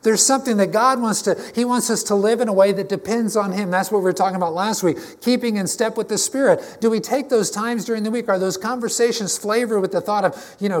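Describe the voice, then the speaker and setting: High-voiced man preaching a sermon. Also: fairly quick. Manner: conversational, emphatic preaching with frequent restarts. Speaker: pastor.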